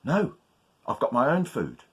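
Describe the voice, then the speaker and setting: A man doing eager young Jack, high and excited. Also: measured pace, breathy edge, exaggerated voice.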